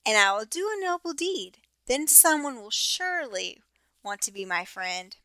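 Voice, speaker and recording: A woman's voice: fairly high pitch, sing-song, moderate pace, sharp tone, no room sound, studio quality, full character voice. A woman voicing a shy, misunderstood big bad wolf who talks sweetly and sulks when he is hurt. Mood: sweet, hopeful. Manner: sweet and eager to please, sulky when hurt.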